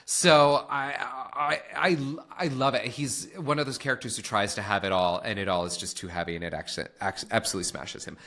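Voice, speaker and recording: A man co-hosting a podcast, chatting in an animated, casual way with restarts and fillers. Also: lowish voice, a little fast, hardly any pauses. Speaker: podcast co-host. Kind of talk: casual chat.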